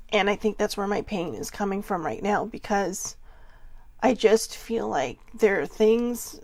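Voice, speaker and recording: A woman hosts a personal self-help talk, her voice tearful and on the edge of crying. She speaks haltingly, apologizes often and breaks into nervous laughs, pitched in a middle range. The recording is dry and close. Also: no echo. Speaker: host.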